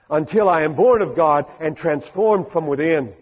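Older male pastor, sermon delivery, slightly high husky voice, emphatic with big swings; thin lo-fi sound in a long reverberant hall. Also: normal speed, hardly any pauses. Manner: emphatic, shifting from soft asides to rising, preaching peaks.

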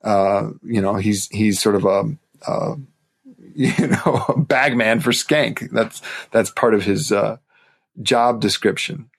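A man's voice: lowish voice, slow pace, creaky, breathy edge. A man co-hosting a podcast, in a casual film discussion, thoughtful and analytical, often restarting his sentences. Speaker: podcast co-host.

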